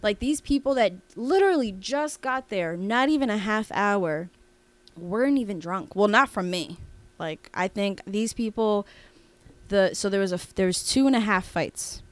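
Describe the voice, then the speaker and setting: Smooth-voiced woman telling a story. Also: medium pitch, moderate pace, dry recording. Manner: rambling, animated, with many fillers and restarts. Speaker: podcast co-host. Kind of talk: casual storytelling chat.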